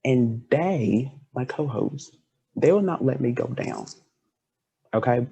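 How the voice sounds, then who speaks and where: A man's voice: medium pitch, animated, slow, vocal fry, warm tone, breathy edge, lo-fi sound. A man hosting a podcast, chatting with a guest in an earnest, heartfelt way. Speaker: podcast host. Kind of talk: casual interview chat.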